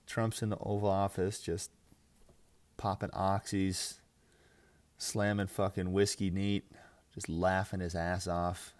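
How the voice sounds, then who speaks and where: A young man with a fairly low voice hosts a casual fantasy football podcast. He rants in a crude, mocking way, swearing freely and laughing often. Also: darkish tone. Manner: crude, joking, mocking, frequent laughs and filler "like"; mimics others in exaggerated voices. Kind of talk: casual profane podcast rant.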